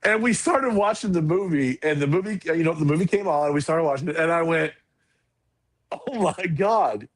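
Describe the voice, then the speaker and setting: A man's voice: a little high, brisk, few pauses. A man in his forties chats on a podcast with a slightly raised voice. He tells a long story loosely, circling back and restarting his sentences, the way friends talk. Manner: rambling, with frequent restarts and fillers. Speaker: podcast co-host. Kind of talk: casual storytelling chat.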